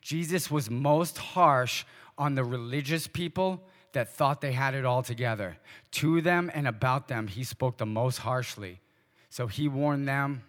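A male pastor preaching a sermon, asking the congregation pointed short questions and dropping into quiet asides. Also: mid-range voice, a little slow, big-room sound.

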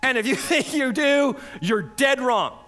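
A man preaching a sermon as pastor, emphatic and animated, with bursts of shouting. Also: very high voice, measured pace.

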